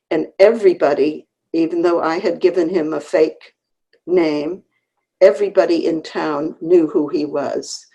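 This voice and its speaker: Older woman, warm low voice, reminiscing. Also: slightly rough, rough recording. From Connecticut, USA. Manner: unhurried, frequent restarts and pauses, earnest. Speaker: author, interview guest. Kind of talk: reminiscing conversational storytelling. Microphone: video call.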